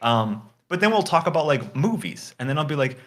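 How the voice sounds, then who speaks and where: A man's voice: a little high, sing-song, a little fast. A man chatting casually, rambling with lots of filler words and swearing freely. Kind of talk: casual chat.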